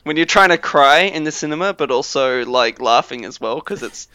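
A man co-hosting a podcast, chatting casually with lots of fillers and quick laughs. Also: a little high, expressive, bright, forceful tone, clean tone, no room sound. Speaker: podcast co-host. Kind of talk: casual chat.

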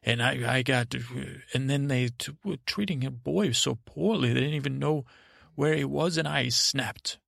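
A man hosting a podcast, telling a meandering bedtime story in a halting, self-correcting way. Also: medium pitch, creaky, a bit bright, no echo, studio quality.

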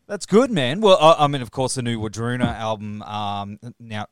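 An Australian man hosts a podcast interview in a friendly, chatty way. His voice sits at an ordinary middle pitch and he talks casually. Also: moderate pace, clear, resonant tone, no echo, clean studio sound. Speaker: podcast host.

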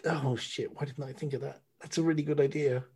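Rambling middle-aged man, husky voice. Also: mid-range voice, steady tone, a little fast, mellow. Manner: rambling, self-mocking, many restarts. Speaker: podcast co-host. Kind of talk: casual chat. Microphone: video call.

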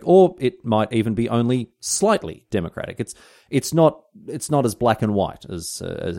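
A man's voice: on the low side, dark tone. An Australian man hosting a casual history podcast, explaining in a chatty way with mock-outraged asides and mild swearing.

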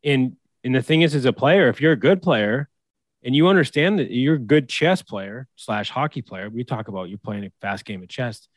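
A man's voice: mid-range voice, moderate pace, no room sound. Fired-up man in dry hockey talk. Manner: animated, fired up, swears, acts out quotes. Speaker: co-host, former pro hockey player and coach.

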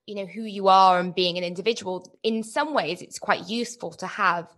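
A woman's voice: medium pitch, moderate pace, a bit bright. A woman hosting an interview, asking long, thoughtful, winding questions in a conversational way. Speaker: podcast interviewer.

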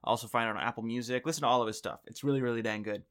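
A man with a bright, forceful tone co-hosting a podcast in casual chat. He is easygoing and laughs often, and he wraps up the episode. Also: medium pitch, fairly even intonation, very fast. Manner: easygoing, laughs often, reads the show's outro. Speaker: podcast co-host.

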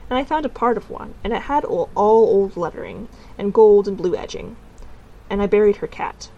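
A woman's voice: medium pitch, lively intonation, normal speed, warm tone, dull audio. A woman voicing a stubborn, earnest young village girl in a read-aloud storybook, with her voice slightly raised.

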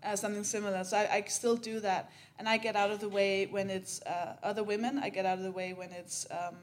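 A woman's voice: medium pitch, flat delivery, fairly quick, slight background noise. A woman co-hosting a live podcast on stage, chatty and trailing off into laughs. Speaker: podcast co-host. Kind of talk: casual on-stage chat. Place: live show venue.

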